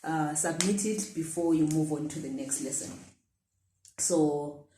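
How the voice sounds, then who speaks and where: A woman's voice: low-pitched, measured pace, mellow. A woman teaching a language lesson, patiently repeating phrases and modelling the question intonation. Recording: echoey room.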